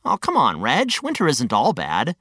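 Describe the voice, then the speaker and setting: A woman voicing a friendly, patient male guide who gently explains things. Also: very deep voice, huge pitch swings, normal speed, husky, dry recording, studio quality, exaggerated voice. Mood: gentle.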